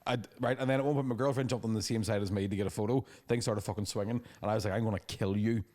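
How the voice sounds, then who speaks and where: A young Northern Irish man, co-hosting a comedy podcast, telling stories in a lively, swearing way. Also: lowish voice, racing. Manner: animated storytelling with profanity and put-on quoted voices. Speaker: podcast co-host and stand-up comedian. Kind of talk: casual comedic chat.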